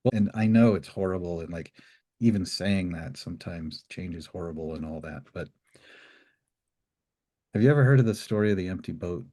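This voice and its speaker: A man speaks as an interview guest, drifting through his thoughts in a loose, rambling way. His voice sits very low and has a husky, grainy edge. He leans on fillers as he goes. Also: normal speed. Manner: relaxed, rambling, many fillers. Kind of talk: reflective storytelling.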